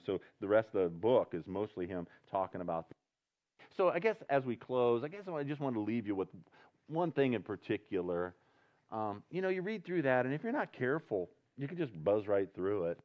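A man with a lowish voice preaches a sermon at a church service, captured in a dull lo-fi recording. As a pastor, he speaks earnestly and conversationally before rising to loud, passionate emphasis.

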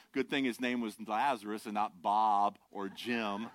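Animated older man preaching a sermon. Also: fairly low pitch, slow pace, long pauses. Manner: animated, swings from shouting to quiet asides. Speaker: pastor.

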